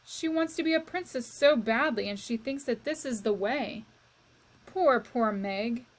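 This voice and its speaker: A gentle young princess from a storybook, voiced by a woman reading aloud. She speaks softly and very slowly, with pity in every word, in a slightly raised voice. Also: fairly high pitch, animated. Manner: soft, pitying, slow.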